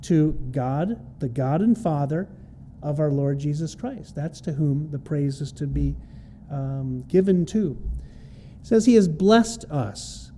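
A man with a fairly high, mellow voice preaches an expository sermon on a Bible passage, with a little hiss or hum in the recording. He teaches verse by verse in a plain, conversational way, repeating key phrases for emphasis.

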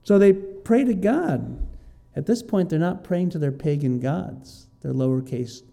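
A man reading Bible verses aloud and explaining them in a lively, conversational teaching style. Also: a little high, measured pace, vocal fry. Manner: reads scripture aloud, then explains it with lively asides.

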